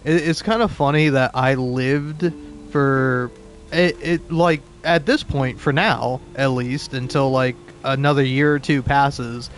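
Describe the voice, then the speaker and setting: Taking it slowly at a medium pitch with fairly even intonation, this young man in his twenties hosts a let's play. He's from the southeastern United States, has an East Coast American accent, and rambles and swears through casual commentary as the game keeps restarting.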